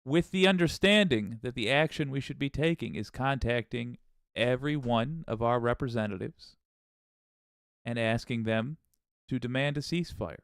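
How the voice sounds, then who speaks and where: A man's voice: medium pitch, normal speed, a bit bright, dry recording, clean studio sound. A man hosting a casual live stream, greeting his viewers by name in an upbeat way and often restarting his sentences. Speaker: livestream host.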